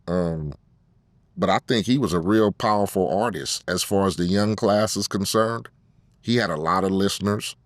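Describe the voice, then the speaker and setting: A middle-aged man from Compton in a casual interview, talking slowly with drawn-out ums between his thoughts. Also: on the low side, no echo. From Compton, California. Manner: unhurried, fills pauses with drawn-out ums. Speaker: guest rapper.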